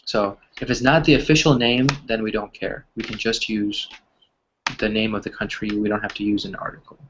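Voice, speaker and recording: A man's voice: on the low side, steady tone, brisk, background noise. Patient man teaching grammar over video call. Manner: explains patiently, asks "right?" constantly. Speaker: English teacher. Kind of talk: online class teaching. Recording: slightly dull video call audio.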